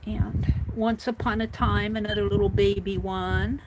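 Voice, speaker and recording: Slow-talking woman chatting over crafts. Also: mid-range voice, flat delivery, very noisy. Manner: rambling, thinks aloud while working. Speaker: mixed-media art streamer. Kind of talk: casual livestream chat while crafting. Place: home craft room.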